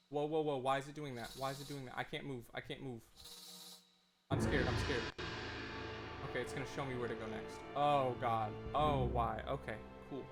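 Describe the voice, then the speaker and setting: A man's voice: mid-range voice, normal speed, over music. Jumpy, foul-mouthed young male streamer. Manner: excitable, nervous, swears a lot. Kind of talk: live gameplay commentary.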